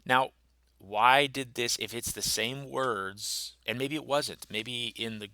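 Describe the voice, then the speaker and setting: A man's voice: medium pitch, slow pace, sharp tone, no room sound. A man, a pastor, thinking aloud through a Bible passage, musing and explaining its grammar step by step.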